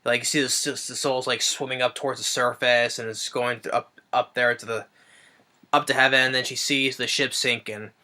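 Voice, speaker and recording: Man, casual movie review, halting, repeats himself, thinking aloud, crisp bright voice. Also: medium pitch, flat delivery. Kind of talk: casual spoken film review.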